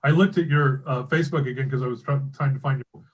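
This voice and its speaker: A man's voice: mid-range voice, fast, muffled recording. A man hosting a casual chat, rambling through stories with lots of fillers. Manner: rambling, many fillers and trailing phrases. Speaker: host.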